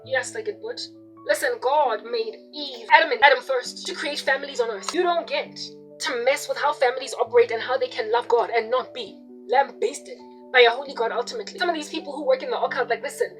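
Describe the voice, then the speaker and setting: Fast-talking high-voiced preaching woman. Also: a bit bright, faint music behind, poor audio. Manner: fervent, emphatic, repetitive warnings. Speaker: Christian video preacher. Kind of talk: impassioned religious monologue.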